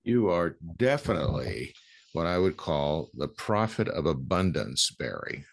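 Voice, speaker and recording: Low voiced host guy, lots of ums, then hits his point hard. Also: big pitch swings, a little slow, vocal fry. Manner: hesitant, many ums and restarts, emphatic. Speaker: podcast host. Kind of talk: conversational interview.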